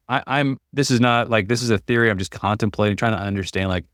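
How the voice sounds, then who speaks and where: Seattle guy, really deep voice, halting podcast talk, dry close sound. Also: no room sound. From Seattle, USA. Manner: halting, thinking aloud with restarts. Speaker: podcast host. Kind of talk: casual conversation.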